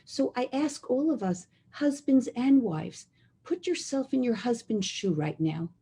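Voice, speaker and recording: A middle-aged woman giving an inspirational talk on relationships, earnest and emphatic, slowing down to repeat key phrases. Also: a little high, big pitch swings, mellow, breathy edge. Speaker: speaker on relationships.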